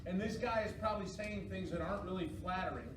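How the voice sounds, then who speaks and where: A man's voice: sits high, fast talker. A man giving a casual training talk to umpires, conversational and questioning the room. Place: meeting room. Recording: echoey room from far off, noisy.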